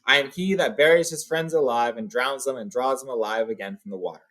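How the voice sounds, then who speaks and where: A man's voice: mid-range voice, a little fast, a bit bright, natural voice. A man voicing a small, clever male hobbit burglar who speaks politely and in riddles. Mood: flattering.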